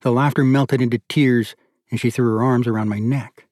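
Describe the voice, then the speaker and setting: Male narrator, mid-pitched, measured audiobook reading with a dry, close sound. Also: no echo. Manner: measured, steady storytelling.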